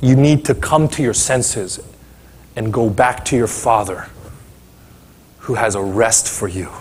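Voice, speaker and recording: A middle-aged man, a pastor, preaching a sermon in a conversational, animated way and acting out the people in his story. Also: on the low side, measured pace, slightly rough.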